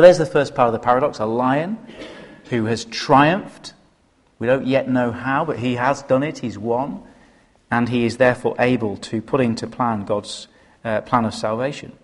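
A man's voice: medium pitch, moderate pace. A man preaching a sermon, emphatic and full of rhetorical questions. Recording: reverberant hall.

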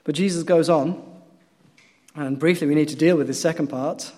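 A male pastor preaching a sermon, telling stories earnestly and swinging between loud emphatic peaks and quiet low passages. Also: fairly even intonation, normal speed. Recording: long hall reverb.

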